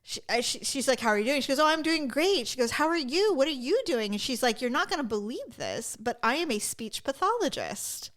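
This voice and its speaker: A woman co-hosting a podcast in casual chat, telling a story with lively quoted voices. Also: high-pitched, brisk, hardly any pauses. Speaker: podcast co-host.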